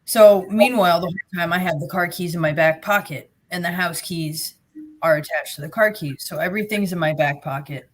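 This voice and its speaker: A woman's voice: on the low side, a little fast. A middle-aged woman from New Jersey with a Jersey accent, bluntly and sarcastically telling her own story as a guest. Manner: blunt, sarcastic, plain-spoken. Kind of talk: personal storytelling.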